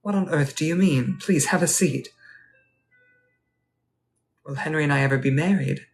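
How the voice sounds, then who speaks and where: A man playing a polite, wistful Edwardian gentleman at a ball, speaking formally and courteously in a live role-play. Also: on the high side, normal speed, soft background music, close to an everyday voice. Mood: genteel. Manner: formal, courteous, old-fashioned phrasing.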